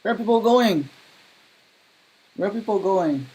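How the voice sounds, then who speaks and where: A man with a slightly high voice streams a strategy game live and talks through every move. He swears freely and flares up in frustrated bursts, and his English grammar slips here and there like a non-native speaker's. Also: expressive, measured pace, darkish tone, breathy edge, low-quality recording. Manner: swears a lot, frustrated outbursts. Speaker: gaming streamer. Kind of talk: live gameplay commentary.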